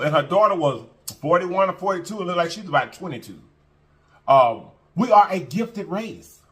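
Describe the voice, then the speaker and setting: Lively, bright-voiced man preaching to viewers. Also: sits high. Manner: earnest and preachy, repeats phrases, calls the audience "y'all". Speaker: mukbang eating-show host. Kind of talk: casual heartfelt talk to camera.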